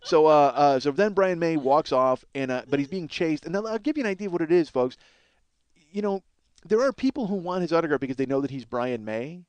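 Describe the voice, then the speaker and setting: Telling one long, wandering story on his own, this podcast host in his 30s swears freely and puts himself down for laughs. His voice is on the high side, clear and resonant, with lively intonation and a fairly quick pace, recorded dry.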